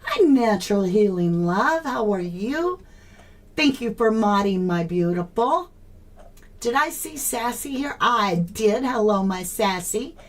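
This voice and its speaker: A woman's voice: medium pitch, animated, slow pace. A woman hosting a true crime livestream, puzzling aloud in casual chat and greeting viewers by name.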